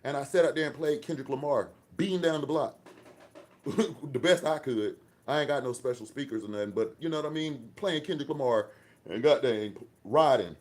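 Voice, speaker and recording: A man rants on a live stream, firing back at chat comments. He talks in brash, profane, boastful trash talk. His voice sits at an ordinary middle pitch for a man. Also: brisk. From Atlanta, USA. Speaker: livestream host.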